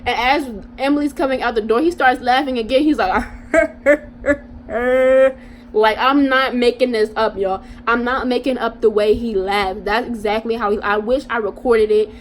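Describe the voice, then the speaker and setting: A young woman spins a casual storytime for her viewers, full of slang and animated asides. Her voice sits a little high. A faint hiss runs under the recording. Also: moderate pace, few pauses. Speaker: vlogger.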